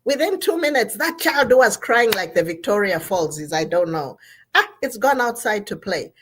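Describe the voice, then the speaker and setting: A woman's voice: medium pitch, animated, moderate pace, a bit bright, a little hiss or hum. A woman, a therapist giving an emphatic motivational talk on mental health. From Zambia. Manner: emphatic, repeats and spells out key words. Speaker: therapist speaking at an online gathering.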